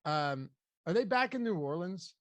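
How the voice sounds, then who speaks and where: A man's voice: high voice, lively intonation, normal speed, dry recording. A man hosting a fantasy football show, chatting loosely and restarting sentences as he goes. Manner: conversational, loose with frequent restarts. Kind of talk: casual sports analysis chat.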